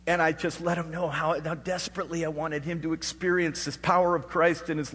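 Middle-aged male pastor, sermon delivery, storytelling that swings from soft to forceful, reverberant hall. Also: fairly high pitch, level tone, brisk, hardly any pauses, husky. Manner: storytelling, swings from hushed to loud and emphatic. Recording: echoey hall with faint hum.

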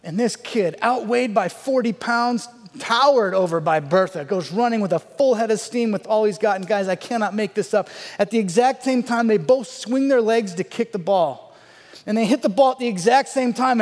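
A middle-aged man telling a comic story on stage, animated, with loud outbursts and hushed asides. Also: high-pitched, fairly quick. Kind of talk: stand-up storytelling. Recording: long reverb of a large hall.

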